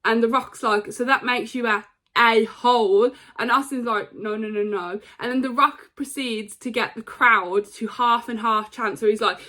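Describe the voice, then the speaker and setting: A young woman casually recapping a wrestling show, excitable, with lots of ums and quoted lines. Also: on the high side, normal speed, hardly any pauses. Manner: excitable, retells scenes with quoted lines and many fillers.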